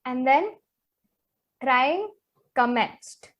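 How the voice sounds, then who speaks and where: A teenage girl with a bright, high voice tells stories in a casual podcast chat. She acts out what everyone said, full of drama. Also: drawn-out words, muffled recording. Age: teens. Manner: animated, dramatic retelling with quoted voices. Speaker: podcast co-host.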